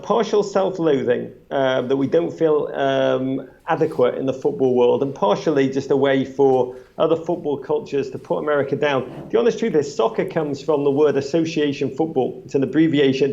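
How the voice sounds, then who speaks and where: A gravelly-voiced podcast maker spins animated stories on a panel before a live audience in a small event space. His voice is fairly high and mellow at a normal speed, he restarts a lot and performs quotes loudly, and the recording is muffled.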